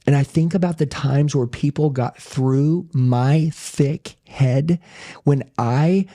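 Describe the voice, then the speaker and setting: A man's voice: on the high side, slow, dark tone. A middle-aged man telling his life story as a podcast guest, intense and emphatic, swearing casually. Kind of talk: conversational interview storytelling.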